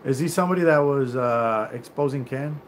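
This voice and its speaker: Speaking briskly in a mid-range voice, a man hosting a livestream delivers a profane, confrontational rant. He rambles with frequent fillers and restarts over slight background noise.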